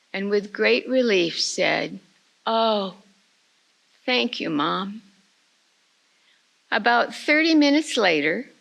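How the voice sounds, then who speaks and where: Older lady storyteller, gravelly voice, takes her time with every line. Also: medium pitch, fairly bright tone, poor audio. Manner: slow, measured storytelling. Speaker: retreat speaker. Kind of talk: storytelling talk.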